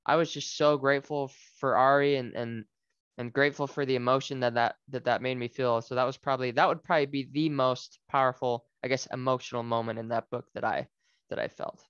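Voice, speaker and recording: A man's voice: medium pitch, steady tone, fairly quick, fairly bright tone, smooth, dry recording, highs cut off. A man co-hosting a book podcast, talking earnestly and with feeling, stumbling and repeating words. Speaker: podcast co-host. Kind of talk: casual book discussion.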